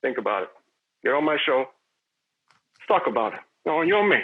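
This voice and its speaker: A man's voice: mid-range voice, very animated, a little fast, slightly rough, pitched above the performer's own voice. A man voicing a pushy, upbeat male talk-show host in a put-on accent that coaxes a guest to open up, heard over a tinny phone-like line. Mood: coaxing. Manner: coaxing, hyped-up put-on accent.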